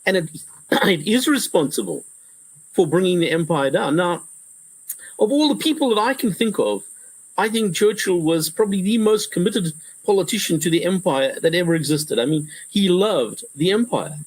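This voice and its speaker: A male professor answering interview questions in a lively conversational way, often restarting sentences and acting out quotes. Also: high voice, moderate pace, dry recording, rough recording. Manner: animated, repetitive restarts, acts out quotes.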